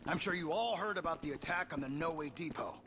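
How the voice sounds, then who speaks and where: A voice actor playing a brisk mission handler in a game cutscene, heard from a distance with crowd noise. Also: medium pitch, close to an everyday voice. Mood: briefing. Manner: brisk, commanding.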